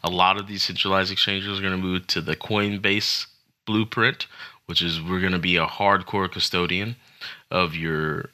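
Bright-voiced low man joking about crypto news. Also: level tone, normal speed. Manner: joking, rambling, self-conscious asides. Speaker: podcast co-host. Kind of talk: casual crypto news chat.

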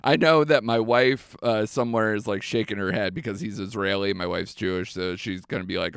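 A man's voice: lowish voice, brisk, gravelly, few pauses, a bit bright, clear, resonant tone, no echo, studio quality. A young man hosting a movie podcast, chatting casually and animatedly with lots of fillers. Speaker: podcast host.

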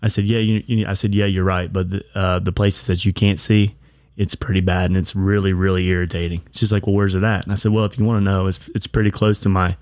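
A blunt, crude man spins a rambling story in a casual podcast chat. His voice sits on the low side and sounds dry and close, with little room around it. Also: little pitch movement, fast talker, a little mellow, dry recording. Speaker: podcast co-host. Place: bar.

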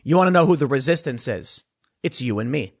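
A man with a mid-range, gravelly voice and a breathy edge speaks briskly. He is a political commentator giving an animated, sarcastic monologue directly to his audience, mimicking others to mock them.

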